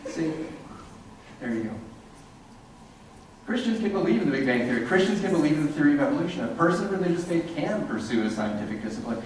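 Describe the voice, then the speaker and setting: A man's voice: on the high side, fast talker, pauses often, slight background noise. Sarcastic man lecturing in an echoey hall. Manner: sarcastic, animated. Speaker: speaker giving a talk to an audience. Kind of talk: humorous lecture. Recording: echoey hall, distant mic.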